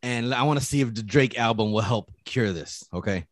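A man's voice: mid-range voice, a little fast, no room sound. Young male podcast host, casual, laughs through a read-aloud, dry close mic. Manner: laughing while reading, swears freely. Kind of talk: casual chat, reading a text thread aloud.

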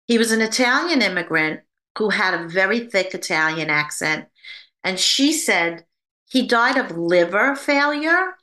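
Bright, lively-voiced woman telling a story. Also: mid-range voice. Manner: animated, acts out quoted voices. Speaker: psychic medium. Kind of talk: storytelling in an interview.

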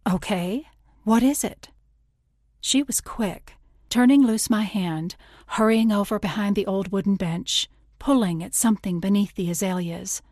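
A woman reading a first-person literary audiobook in a measured, intimate way, slipping into whispers on tender passages. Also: medium pitch, darkish tone, no room sound, studio quality. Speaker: audiobook narrator.

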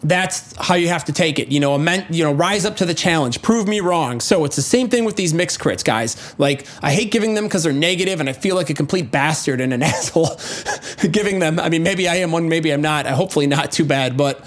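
A man's voice: on the high side, fairly quick. A middle-aged man hosting a music production show, talking bluntly and profanely and acting out harsh studio critiques. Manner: blunt, profane, acts out quoted rants. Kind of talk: casual talk to camera.

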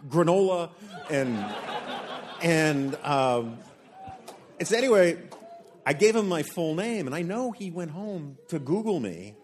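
A man with a fairly high voice tells a funny story in front of a live audience, acting out everyone he quotes. His delivery is animated, jumping between his own telling and the voices of other people. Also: a little slow, long pauses, a little hiss or hum. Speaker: podcast panelist telling a story. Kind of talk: live podcast storytelling on stage. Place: hotel event room with a live audience.

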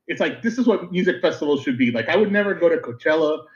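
A man's voice: a little high, animated, fast talker. A man from Miami co-hosting a podcast, telling a story animatedly and laughing easily. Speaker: podcast co-host. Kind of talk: casual chat, storytelling. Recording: dull lo-fi recording.

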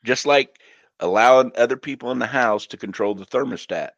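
A man's voice: mid-range voice, brisk, gravelly, a bit bright, no echo, dull audio. A man co-hosting a casual sports podcast from home on a headset, blunt and swearing as he rants. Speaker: podcast co-host. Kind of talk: casual chat.

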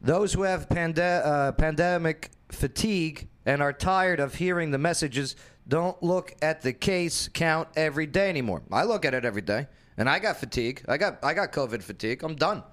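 A man hosting a casual opinion talk show, blunt and jokey, animated and fond of asides. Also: a little high, moderate pace, hardly any pauses.

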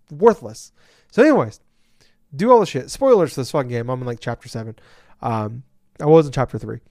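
A man's voice: medium pitch, sing-song, brisk, long pauses, no echo. Swearing, ranting man on a dry mic. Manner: profane ranting storyteller, swinging from muttering to shouting. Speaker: podcast co-host. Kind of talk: casual chat.

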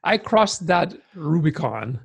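A man's voice: fairly high pitch, slow, vocal fry, husky. A man co-hosting a podcast in casual chat, telling stories and teasing his partner. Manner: animated storyteller, teasing. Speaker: podcast co-host.

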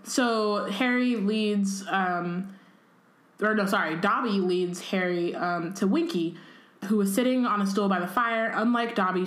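A woman's voice: mid-range voice, a bit bright. A woman reads a book aloud and breaks off into casual asides full of ums and likes. Her voice sits in a middle range. The recording has a roomy echo. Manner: reads aloud, adds chatty asides with filler words. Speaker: podcast co-host. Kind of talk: casual reading and discussion.

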